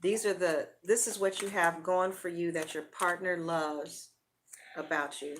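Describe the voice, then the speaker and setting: A woman's voice: fairly low pitch, fairly even intonation, unhurried, a bit bright, a little hiss or hum. A woman giving a casual tarot reading in a blunt, profane way of talking. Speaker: tarot reader.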